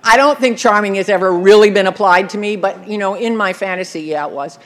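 A woman's voice: mid-range voice, a little fast. A woman telling a personal recovery story in a wry, self-mocking way, often breaking into laughter. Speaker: speaker sharing her recovery story.

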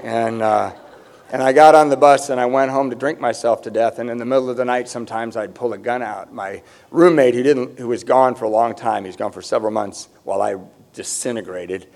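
A man's voice: mid-range voice, a little fast, a little mellow. Candid middle-aged man, self-mocking story. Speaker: speaker sharing his recovery story. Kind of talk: personal testimony with humor.

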